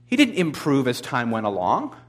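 Guy preaching, goes quiet then loud, jokes around a bit. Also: medium pitch, wildly swooping pitch, normal speed. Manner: dramatic, swings from hushed to loud; humorous asides. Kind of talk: sermon.

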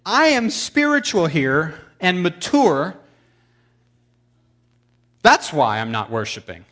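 A man's voice: on the high side, huge pitch swings, takes it slowly, bright, forceful tone. A man preaching a humorous sermon, telling stories with sarcastic asides and sudden jumps in volume.

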